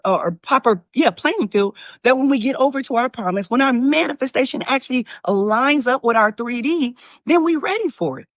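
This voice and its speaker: A woman hosting her own channel, giving an animated, preachy motivational talk to viewers that she calls y'all, with frequent restarts. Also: on the high side, no echo, clean studio sound. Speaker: manifestation coach and channel host.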